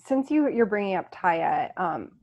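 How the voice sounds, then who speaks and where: A woman's voice: mid-range voice, big pitch swings, a little slow, darkish tone. A woman hosting a casual interview podcast, asking curious questions and restarting her sentences as she chats. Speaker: podcast host.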